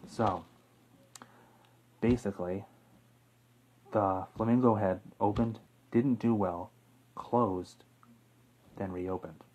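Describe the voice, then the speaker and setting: On a poor-quality recording, a man with a lowish, steady, slightly mellow voice hosts a casual YouTube true-crime video. He speaks slowly with frequent pauses, rambling off the cuff to camera with fillers, self-corrections and the occasional chuckle.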